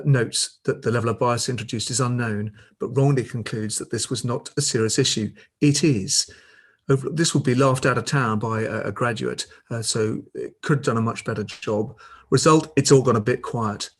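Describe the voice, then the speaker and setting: A man reading a critical prepared statement to a council meeting over a video call, with pointed emphasis. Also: mid-range voice. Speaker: public speaker at council meeting. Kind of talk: prepared statement read aloud.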